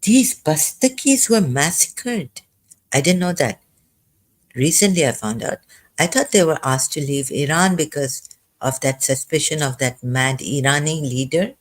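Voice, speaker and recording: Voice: mid-range voice, moderate pace. A vlogger in their fifties, rambling and tearful, breaking off with fillers and apologies. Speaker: video blogger. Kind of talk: rambling emotional commentary.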